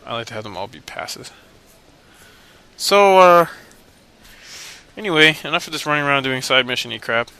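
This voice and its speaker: A man's voice: on the high side, expressive, normal speed, long pauses, sharp tone, smooth, no room sound. A young man hosting a let's play, giving casual, rambling gameplay commentary in a joking, self-mocking way.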